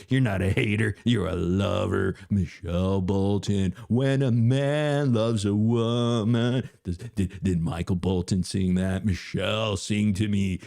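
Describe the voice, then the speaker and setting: A man's voice: low-pitched, creaky, a little mellow. A man hosting a casual live stream, reading viewer comments aloud and teasing one chatter in a playful, crooning way.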